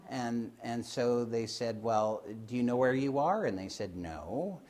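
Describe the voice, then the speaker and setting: A man's voice: medium pitch, animated, measured pace, a little mellow. A man telling stories from his healing work in a loose, hesitant way, with many fillers and restarts, and acting out the voices of the people he quotes. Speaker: Christian Science healer telling of his work. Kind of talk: informal storytelling talk.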